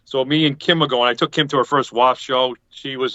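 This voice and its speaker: At a moderate pace, a man with a mid-range, pushed, bright voice talks with no echo. He's a podcast panelist in a casual video call chat, rambling through a story and playing out others' words, all on dull lo-fi audio.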